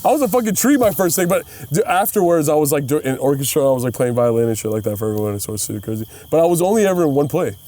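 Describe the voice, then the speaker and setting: A man's voice: on the high side, very fast, few pauses. A man co-hosting a podcast in casual comedic chat, telling stories in a playful, laughing way. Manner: playful, laughing, lively storyteller. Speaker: podcast co-host.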